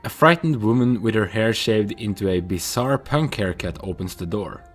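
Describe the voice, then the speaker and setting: A man playing a text adventure game, reading the story out and musing over his choices with hesitant pauses. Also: on the low side, soft background music. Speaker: player narrating a text adventure. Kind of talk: reading and thinking aloud.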